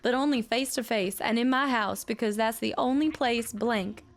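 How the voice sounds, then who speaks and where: A woman voicing a bitter, grieving old woman, reading her letters slowly in a folksy drawl. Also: a little high, natural voice. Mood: ominous. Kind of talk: reading game letters aloud in character.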